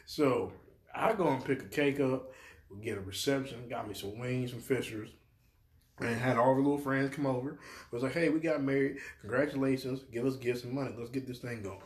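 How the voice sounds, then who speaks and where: A man's voice: medium pitch, a little fast, reverberant. A man, a pastor and podcast co-host, telling a story in casual chat and acting out the voices of people he quotes.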